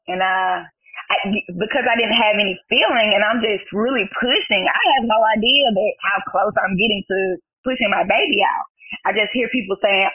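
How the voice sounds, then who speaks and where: A young adult woman, a new mother, telling her story in an interview, animated and emotional and laughing often. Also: medium pitch, moderate pace, slightly rough. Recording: phone-like narrow sound.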